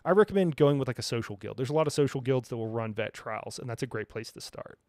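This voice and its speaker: A man's voice: medium pitch, lively intonation, quick pace, darkish tone, no room sound. A man hosting a live stream, chatting casually about a game in a rambling way, full of fillers and frequent chuckles. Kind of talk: casual gaming reaction chat.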